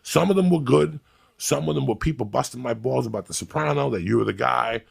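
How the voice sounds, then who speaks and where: A middle-aged man with a New York accent, telling a loud, profane story as a comedian. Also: mid-range voice, fairly quick, gravelly, husky. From New York City.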